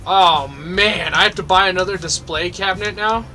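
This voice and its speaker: Young male gamer host, ranting and cursing for laughs, high bright voice, game music faint underneath. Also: normal speed. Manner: ranting, sweary, mock-angry. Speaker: gaming video host. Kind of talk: let's play commentary.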